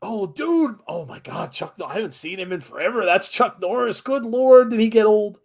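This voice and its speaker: A man co-hosting a live reaction commentary, excitable, laughing often and gushing with exclamations. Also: high-pitched, fairly quick, gravelly, breathy edge. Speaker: co-host of a wrestling watchalong.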